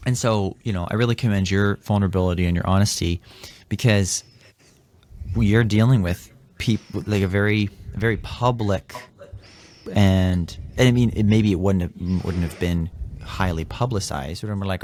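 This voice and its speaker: Low-voiced man telling a lively story. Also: moderate pace. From Canada. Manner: animated, acts out quoted dialogue. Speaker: podcast host. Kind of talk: casual storytelling chat.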